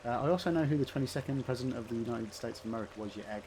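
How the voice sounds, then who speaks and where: A man's voice: mid-range voice, racing, darkish tone, slight background noise. An English man doing live gameplay commentary, bantering and teasing with his chat, with sudden sweary outbursts at the game. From England. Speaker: gaming streamer.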